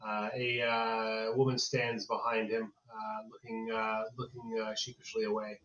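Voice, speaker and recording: A male game master describes scenes in a tabletop game, pausing on many "uh"s as he narrates. He speaks at a middle pitch, and the sound is roomy and echoey, dull like a low-fi mic. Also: little pitch movement, fairly bright tone, recorded from a distance. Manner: halting narration full of fillers.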